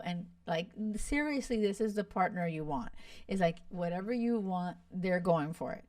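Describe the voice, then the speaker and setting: A woman's voice: medium pitch, moderate pace, a little mellow, no echo, studio quality, far from the mic. A young woman hosting a podcast, chatting casually and gushing about a reality show, full of "like" and "you guys.". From Miami. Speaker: podcast host. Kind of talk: casual chat.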